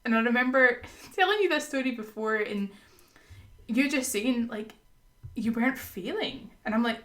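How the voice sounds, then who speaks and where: A woman guest on a podcast, telling a story in a casual, animated way and laughing often. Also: a little high, moderate pace.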